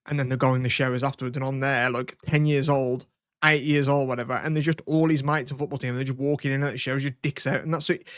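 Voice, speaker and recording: A man's voice: medium pitch, clean tone, no echo, studio quality. A young man hosting a podcast, telling crude rambling stories in casual chat. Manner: rambling storytelling, swears a lot. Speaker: podcast host.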